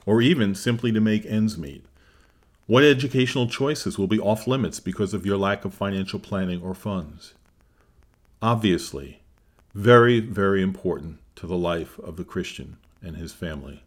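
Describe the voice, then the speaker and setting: A man giving a scripted devotional Bible teaching, reading scripture in an earnest, measured way. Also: low-pitched.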